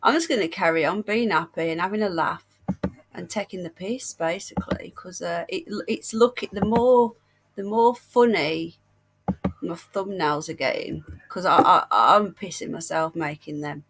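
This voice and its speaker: A woman's voice: lowish voice, moderate pace, fairly bright tone, a little hiss or hum. A British woman hosting a casual livestream chat, unwell and short of breath, chatty and affectionate with viewers. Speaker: livestream host.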